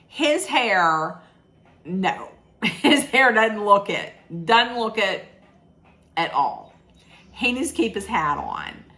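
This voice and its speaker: A woman's voice: medium pitch, bright, forceful tone. A woman recapping a reality show in a chatty, sarcastic way, with laughing asides. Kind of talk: casual chat recap.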